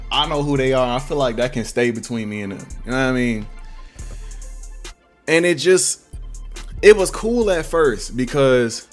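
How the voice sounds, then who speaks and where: A young man who makes beats, chatting casually in a livestream Q&A, slangy and rambling. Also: medium pitch. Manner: laid-back, slangy, rambling. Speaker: beatmaker streamer. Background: faint beat playing.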